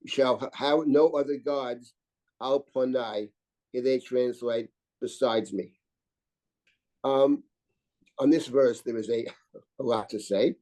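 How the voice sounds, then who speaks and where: A man's voice: mid-range voice, steady tone, slow pace, pauses often, warm tone, low-quality recording. An older man, a rabbi, teaching a Torah class in a discursive lecture style, reading Hebrew verses aloud and often restarting his sentences. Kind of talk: lecture on biblical commentary.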